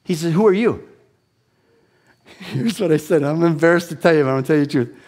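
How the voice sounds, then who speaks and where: A man in his sixties telling a personal testimony as an animated, self-deprecating storyteller with frequent restarts. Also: a little high, very fast. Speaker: speaker giving a testimony.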